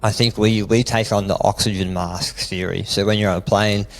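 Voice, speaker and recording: A laid-back Australian man with a notably deep, low voice. He chats easily as an interview guest, dropping "mate" into his answers. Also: moderate pace, gravelly, rough recording. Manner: relaxed, easygoing, says "mate" often. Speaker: guest, fitness expert. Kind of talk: casual interview chat.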